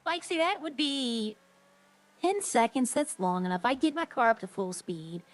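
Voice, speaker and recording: A woman's voice: on the high side, lively intonation, moderate pace. A woman streaming a game, chatting casually with viewers and thinking aloud in a rambling way. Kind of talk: casual gameplay chat to viewers.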